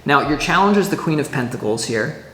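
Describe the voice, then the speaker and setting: A man giving a casual weekly tarot reading to camera, chatty and animated, full of restarts and filler words, acting out little scenes as he explains. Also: a little high, brisk. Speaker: tarot reader. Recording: echoey room with long reverb.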